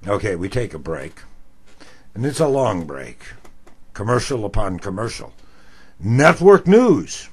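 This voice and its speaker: An older man, a former radio talk host, telling a story in an animated, self-mocking way. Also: fairly low pitch, a little slow, long pauses, breathy edge. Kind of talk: storytelling monologue.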